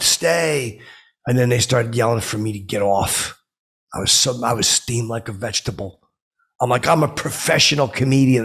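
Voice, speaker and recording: A man's voice: lowish voice, creaky, a bit bright, husky, exaggerated voice. A man playing an oblivious, boastful washed-up stand-up comedian who rambles self-importantly with lots of filler. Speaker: podcast host. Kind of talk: improvised comedic monologue.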